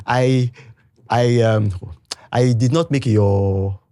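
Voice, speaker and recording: A man with a Nigerian accent, speaking as an interview guest in an emphatic, heated, animated way. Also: mid-range voice, slow pace, dry recording, studio quality. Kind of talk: interview talk.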